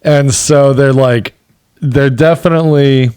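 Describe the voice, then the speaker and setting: A man's voice: medium pitch, steady tone, unhurried, darkish tone, clean tone, no room sound, studio quality. A man co-hosting a podcast in casual chat, rambling and swearing, often breaking into laughter. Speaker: podcast co-host.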